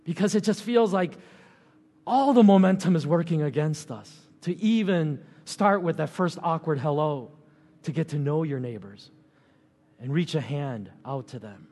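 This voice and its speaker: A middle-aged man gives a sermon in a relaxed, chatty way, often adding fillers and small chuckles. His voice sits high. The sound carries a long reverb, as in a large hall. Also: moderate pace. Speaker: pastor.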